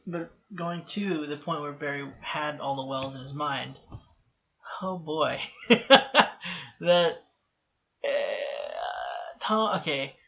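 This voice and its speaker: A man's voice: on the high side, vocal fry, bright, forceful tone, highs cut off. A young American man casually rambling through a TV episode reaction, with many restarts and laughs. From United States. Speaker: TV reaction host.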